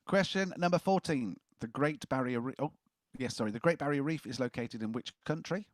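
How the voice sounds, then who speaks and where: A man's voice: mid-range voice, normal speed, dry recording, studio quality. A man hosting a casual quiz, reading questions and joking between answers. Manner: jokey, chuckling as he reads questions. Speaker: quiz host.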